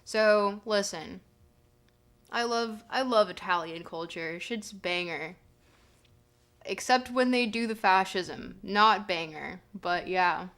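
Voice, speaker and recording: A woman's voice: medium pitch, slow pace, fairly bright tone. A young woman streaming live, chatting casually and joking as she reads her chat aloud.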